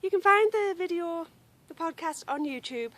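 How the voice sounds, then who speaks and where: A woman with an extremely high-pitched, expressive voice hosts a knitting podcast outdoors in a grassy yard, speaking at a normal speed. She chats casually and apologetically, breaking off to call a wandering dog and apologising for the interruptions. There's slight background noise.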